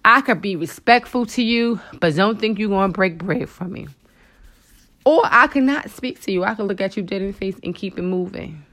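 This faith talk show host, a woman with a medium-pitched voice at moderate pace, gives an emotional Christian motivational talk. She preaches in an animated, expressive way with frequent asides to the Lord, talking to listeners like friends and calling them "girl" and "honey."

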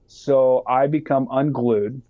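A man's voice: medium pitch, slow pace, no echo, dull audio. A man who is a podcast guest and army sergeant, telling a story casually, swearing and acting out the voices of other people. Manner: profane, animated, acts out quoted voices.

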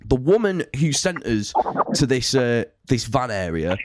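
A man's voice: mid-range voice, big pitch swings, measured pace, slight background noise. A young man telling a long, rambling road story in casual podcast talk, swearing freely. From United Kingdom. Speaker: touring band musician telling a story.

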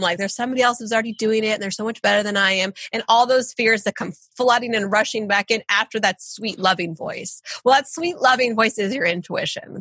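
Bright, earnest spiritual woman. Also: mid-range voice, dry recording. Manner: earnest, encouraging, reflective. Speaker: podcast guest, intuitive. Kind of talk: casual spiritual conversation.

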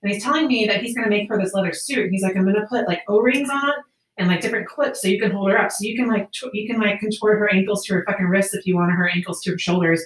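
A woman hosting a casual podcast, telling a story in a profane, animated way with quick laughs. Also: medium pitch. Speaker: podcast host. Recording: roomy, distant amateur podcast mic.

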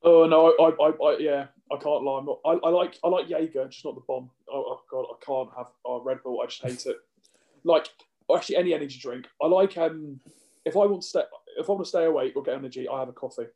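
Mellow-voiced man, rambling. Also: a little high. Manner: rambling, self-deprecating, halting restarts. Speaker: podcast co-host. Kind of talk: casual chat.

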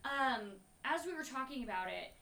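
A woman co-hosting a podcast, rambling and animated through a movie review with plenty of swearing and "like" fillers. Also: sits high, moderate pace, gravelly. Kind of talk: casual chat reviewing a movie. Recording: echoey room, a bit far from mic.

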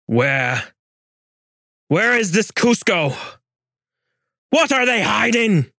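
A man voicing a brutal Spanish conquistador who shouts threats at a prisoner in a strained, high voice. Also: big pitch swings, very slow, vocal fry, no room sound, studio quality, exaggerated voice. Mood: frantic. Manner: yelling, high-strung, menacing.

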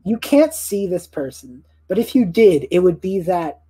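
Woman game master, low mellow husky voice, halting narration, dry close sound. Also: very animated, dry recording, rough recording. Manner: hesitant, restarts often.

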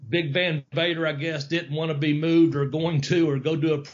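A man tells a long story in a loose, rambling way, swearing freely and laughing often. His voice sits a little higher than average. The audio is dull and lo-fi. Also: steady tone, normal speed. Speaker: podcast host. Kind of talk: casual storytelling.

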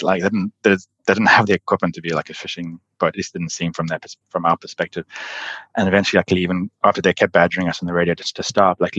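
A man in his thirties tells stories from his expeditions in a relaxed interview, talking fast and filling gaps with "like" and laughter. His voice sits low and fairly even. The sound is dry and a little dull. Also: dry recording. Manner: fast, laughing, rambling with many "like"s. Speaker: endurance athlete guest. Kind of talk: casual storytelling interview.

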